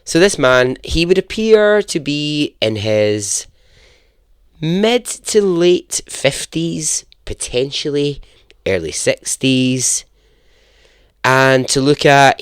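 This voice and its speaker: A podcast host with a clear, resonant mid-range voice tells a true story in a chatty, self-deprecating way, chuckling at his own jokes. It's casual storytelling narration, recorded dry with clean studio sound.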